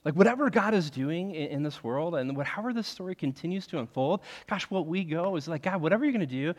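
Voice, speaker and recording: A man preaching a sermon in an animated, conversational way, leaning on the word "like" as he talks. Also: on the high side, fairly quick, long reverb tail. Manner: animated, conversational, heavy use of filler "like". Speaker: pastor.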